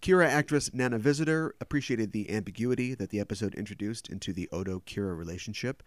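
A man's voice: fairly low pitch, quick pace, no echo, studio quality. A man hosting a casual podcast chat, talking at length and explaining background details. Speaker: podcast host.

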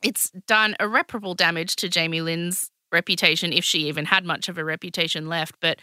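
A woman co-hosting a podcast, chatting in an animated way with lots of fillers. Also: fairly low pitch, brisk, no room sound, studio quality. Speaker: podcast co-host. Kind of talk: casual chat.

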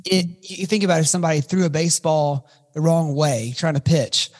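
Husky man in a reverberant room. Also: a little high, fairly quick. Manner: rambling, with frequent restarts and fillers. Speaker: podcast co-host. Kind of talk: casual podcast conversation.

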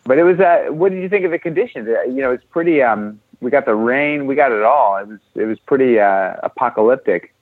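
A man's voice: mid-range voice, animated, fairly quick, few pauses, no echo. An American man calling in, chatty and laughing easily about running. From United States. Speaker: guest runner on the phone. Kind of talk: casual phone chat. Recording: tinny phone line.

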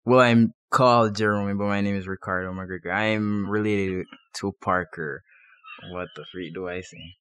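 A man's voice: lowish voice, steady tone, normal speed, a bit bright, clean tone, dry recording. A man appearing as a guest on a family podcast, joking and offhand as he introduces himself. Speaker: podcast guest, host's brother-in-law. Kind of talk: casual podcast chat.

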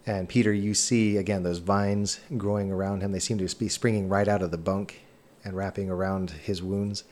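A man with a very low voice runs a tabletop game as game master. He describes each scene in a calm, measured and detailed way. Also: slight background noise.

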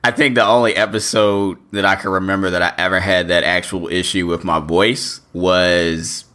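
Low voiced dude co-hosting, crisp bright tone, super laid-back, says like a lot. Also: male voice, steady tone, normal speed. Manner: laid-back, lots of "like" and laughs. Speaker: podcast co-host. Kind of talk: casual chat.

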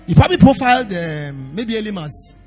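A man preaching a sermon as pastor, swinging from quiet asides to shouted emphasis. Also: high-pitched, sing-song, a little fast. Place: church hall. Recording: long reverb of a hall with faint music.

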